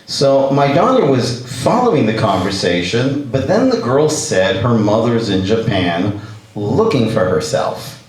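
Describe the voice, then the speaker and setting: Rabbi, lively lecturer, big reverberant hall, mic set well back. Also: male voice, medium pitch, measured pace. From Canada. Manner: animated, acts out characters. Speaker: rabbi, speaker. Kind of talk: humorous lecture with stories. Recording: echoey hall, distant mic.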